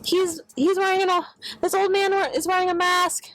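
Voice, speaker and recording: Young girl vlogging from her car, high voice, says like a lot, swears a bunch. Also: flat delivery, moderate pace, background noise. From Texas. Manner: rambling, lots of "like" fillers, swears freely when annoyed. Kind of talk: casual vlog chat. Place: in and around her car, partly outdoors. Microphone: phone camera set down nearby.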